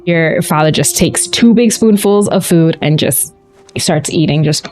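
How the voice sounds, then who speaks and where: A woman with a low, mellow voice runs a tabletop game as game master. She narrates loosely, stopping for ums as she hunts for words. Soft music plays faintly behind her. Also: unhurried. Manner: rambling, searching for words with many ums.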